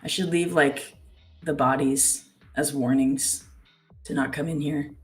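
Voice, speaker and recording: A woman's voice: deep voice, steady tone, measured pace, soft background music. A young Canadian woman hosting a live trading stream in casual chat, reading viewer comments aloud. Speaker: trading show host.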